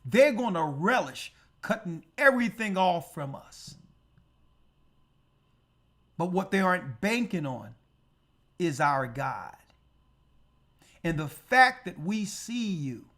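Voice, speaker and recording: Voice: medium pitch, sing-song, takes it slowly, long pauses, a bit bright. A church elder preaching on prophecy, emphatic and full of rhetorical questions. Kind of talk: prophecy teaching sermon.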